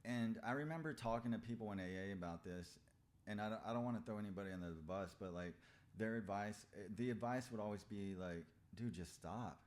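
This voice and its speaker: A man speaking as a podcast guest, telling his own story in a candid, halting, confessional way and swearing freely. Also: fairly low pitch.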